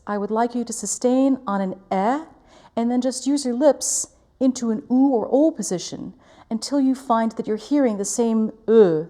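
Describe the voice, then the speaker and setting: Woman voice teacher, warm mellow tone, careful precise articulation. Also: a little high. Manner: clear, careful articulation, demonstrating vowels. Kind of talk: diction lesson.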